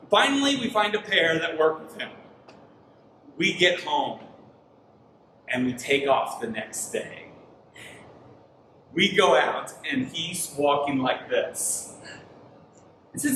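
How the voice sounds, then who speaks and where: A man in his thirties preaching a sermon, telling a family story with acted-out dialogue and sudden shouted lines. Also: high-pitched, expressive, unhurried, reverberant, distant mic, a little hiss or hum, low-quality recording. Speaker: pastor. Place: church hall.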